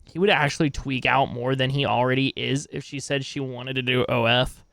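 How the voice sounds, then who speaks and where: A man's voice: mid-range voice, steady tone, normal speed, vocal fry, no echo, clean studio sound. A young adult man streaming live and reacting to online drama in casual, swearing chat. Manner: casual, swearing, reacts loudly, laughs often.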